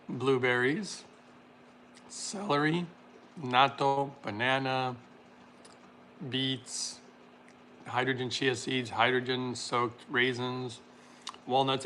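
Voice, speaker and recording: A man hosting a casual livestream, reading chat comments aloud and laughing often while making a smoothie. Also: mid-range voice, sharp tone, a little hiss or hum.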